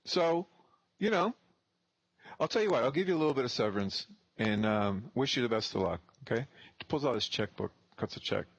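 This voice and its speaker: A man's voice: mid-range voice, expressive, fast talker, husky, no room sound, dull audio. A man in his thirties, a real estate investor telling a blunt, profane story and acting out both sides of the dialogue. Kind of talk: casual storytelling.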